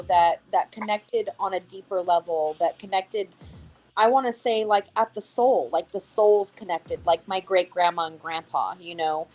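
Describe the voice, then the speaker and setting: A woman guest on a podcast speaks in a heartfelt, reminiscing way. Her voice sits at an ordinary middle pitch. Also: darkish tone, rough recording. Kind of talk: casual interview chat.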